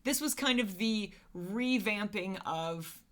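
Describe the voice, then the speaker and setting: Podcast co-host, a woman in her thirties. She talks in an animated, chatty way and breaks into laughter. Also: medium pitch, slow pace. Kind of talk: casual movie-discussion chat.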